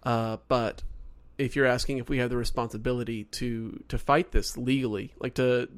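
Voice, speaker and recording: A man co-hosting a faith podcast, reasoning step by step in a measured way and rephrasing as he goes. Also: medium pitch, steady tone, smooth. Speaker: podcast co-host. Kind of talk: casual podcast discussion.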